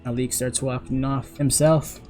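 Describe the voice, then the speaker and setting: Brief: male game master, mellow voice, casual rambling tabletop narration. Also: medium pitch, flat delivery, measured pace, soft background music. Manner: casual storytelling with a self-correcting ramble.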